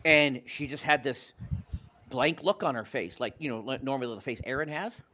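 Bright-voiced chatty Canadian man. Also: medium pitch, normal speed. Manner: rambling storyteller with many restarts. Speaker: podcast co-host. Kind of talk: casual sports chat.

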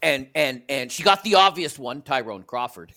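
A man's voice: medium pitch, lively intonation, normal speed, sharp tone. A man from Canada telling rambling stories with many restarts as a podcast co-host in casual sports chat.

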